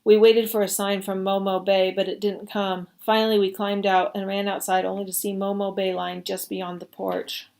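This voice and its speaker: Brief: woman storyteller, mid-pitched, expressive and steady read-aloud. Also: moderate pace, creaky, hardly any pauses. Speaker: reader. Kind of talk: reading a story aloud at a service.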